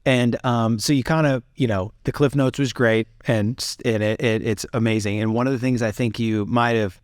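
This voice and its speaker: A man's voice: medium pitch, fairly even intonation, normal speed, dry recording, clean studio sound. A man hosting a podcast interview, asking questions in a casual, encouraging way. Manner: friendly, lots of fillers and restarts, encouraging reactions. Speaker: podcast host.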